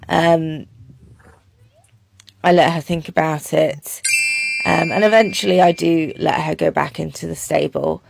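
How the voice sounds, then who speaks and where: A woman talking over her own horse training footage in a relaxed, chatty way, with many ums. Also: deep voice, measured pace, gravelly, no echo.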